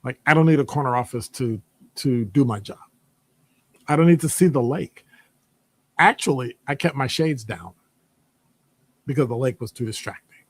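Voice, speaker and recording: A man talking casually in a rambling monologue, animated and digressive, jumping into high voices when quoting people. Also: no echo. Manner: conversational, digressive. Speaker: podcast host; academic department member.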